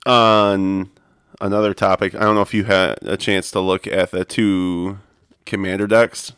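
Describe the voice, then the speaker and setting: A man's voice: deep voice, little pitch movement, a little slow, a bit bright, smooth, no room sound, studio quality. A man co-hosting a podcast in casual chat, easygoing and teasing, explaining card rules. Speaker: podcast co-host.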